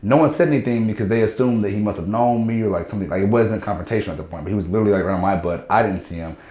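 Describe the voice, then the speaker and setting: Deep-voiced comic guy rattling off a story quick, jumps into little voices, roomy echo. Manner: animated, acts out quotes in shifting voices. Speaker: stand-up comedian, guest. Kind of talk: casual storytelling chat.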